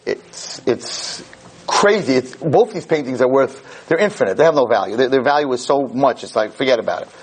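A man giving a Jewish lecture, telling a story in an animated, digressive way. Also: medium pitch, normal speed, breathy edge, rough recording.

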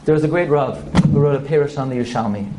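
A man giving an animated Torah class, asking rhetorical questions, using many Hebrew and Yiddish terms and acting out the characters in a story. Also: medium pitch, fast, heavy background noise. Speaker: rabbi teaching a Torah lesson.

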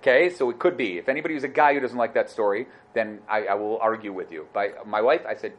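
A man teaching a Torah class, talking in a rapid, animated, conversational way. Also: on the low side.

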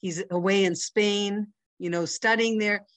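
Woman with a Canadian accent, mid-pitched, giving a chatty Torah class, dry close sound. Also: fairly even intonation, unhurried, no echo. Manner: conversational, checks in with "right?" and "you know". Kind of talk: informal religious lesson.

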